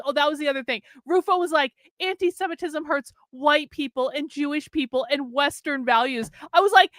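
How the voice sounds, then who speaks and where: Speaking at normal speed in a high-pitched voice, this political livestream host is a few beers deep and offers profane, sarcastic, mocking commentary. She's animated and casual, and the studio recording is clean with no echo.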